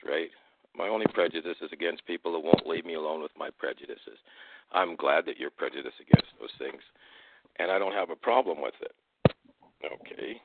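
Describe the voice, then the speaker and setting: Man, deep gravelly voice, guest on a call-in talk stream, deliberate and confrontational, tinny line. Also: noisy background. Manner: deliberate, confrontational when challenged. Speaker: guest speaker. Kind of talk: casual storytelling and argument. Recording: tinny phone-line audio.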